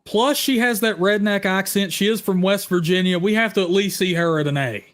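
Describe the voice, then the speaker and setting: A man hosting a live horror chat stream, loud and teasing, with shouted bursts. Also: high voice, a little fast. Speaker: host.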